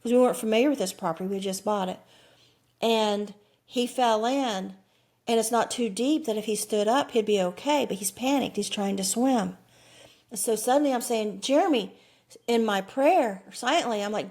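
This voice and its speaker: A woman's voice: on the high side, moderate pace, a little mellow. Earnest woman in her sixties telling her story. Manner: earnest, acts out quoted voices, frequent "like" and "you know". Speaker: guest. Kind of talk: personal storytelling.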